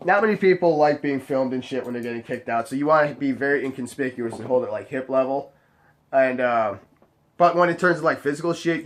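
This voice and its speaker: A man who works as a bar bouncer, telling a story to the camera in a casual, profane, animated way. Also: medium pitch. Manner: profane, animated, acts out other people's voices.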